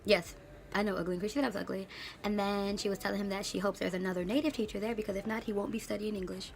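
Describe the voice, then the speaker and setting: A woman in her late twenties, an English teacher, ranting in a casual vlog with sassy, animated storytelling and slang. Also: medium pitch, fast, vocal fry, a little hiss or hum. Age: late 20s.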